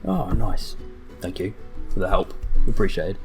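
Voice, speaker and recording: A man voicing an old male dwarf blacksmith with a sooty beard, talking slowly and trailing off in a tabletop role-play. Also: low voice, sing-song, a little mellow, soft background music, full character voice. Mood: gruff.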